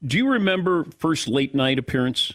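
A man's voice: medium pitch, big pitch swings, moderate pace. A man hosting a sports talk show, asking a guest teasing, joking questions. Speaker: sports radio host. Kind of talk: casual interview.

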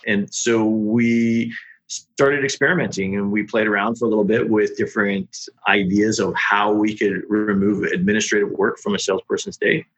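A middle-aged man, a startup founder, telling his story in a casual podcast interview with quick, animated delivery. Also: fairly low pitch, slightly rough. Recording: dull lo-fi sound.

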